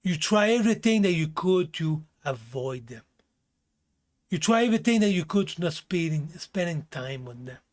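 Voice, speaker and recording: A man with a slightly high voice delivers blunt self-help talk, straight to the viewer. He swears freely and hammers his points by repeating them. His grammar slips here and there as he speaks. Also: lively intonation, normal speed. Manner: blunt, emphatic, swears often, repeats phrases. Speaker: vlogger giving life advice. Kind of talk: casual self-help rant.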